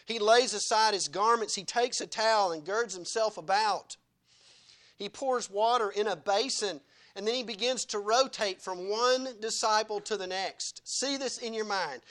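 A man preaching a sermon, dramatic, with wide swings between loud and hushed and acted-out quotes. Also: high-pitched.

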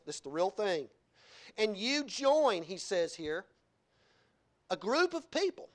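A male pastor preaching a sermon, animated, with laughing asides and wide swings in pitch and loudness.

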